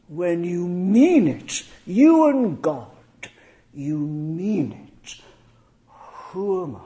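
A male preacher delivering a sermon, slow and emphatic, often dropping to near whispers. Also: on the high side, mellow.

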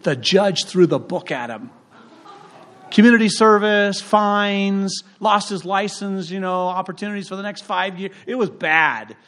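A man's voice: sits high, measured pace, a bit bright. A male pastor preaching a sermon in a conversational, humorous storytelling way. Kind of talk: sermon with personal stories. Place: church.

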